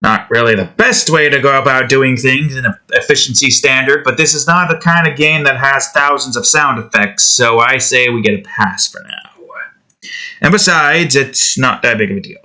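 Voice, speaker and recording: A game developer vlogger with a bright, mid-range voice thinks aloud at normal speed while editing sounds. His casual commentary rambles, and he often interrupts himself and chuckles.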